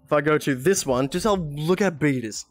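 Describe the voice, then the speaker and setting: Talking fairly quickly at medium pitch, this streamer giggles and swears a lot during casual live-stream chat over a VR game, using a headset mic. The recording is dry, and faint music plays behind.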